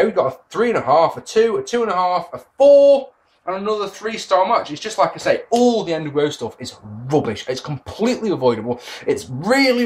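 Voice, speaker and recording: A man talks through a review in a loose, chatty way. He sounds sarcastic and exasperated and swears freely. His pitch moves a lot, rising high when he is annoyed. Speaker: wrestling reviewer. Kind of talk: casual spoken review.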